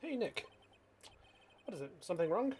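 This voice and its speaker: A man voicing an excitable young woman sidekick in a video game, chatty and bubbly. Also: sits high, moderate pace, slight background noise, pitched above the performer's own voice. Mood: excited.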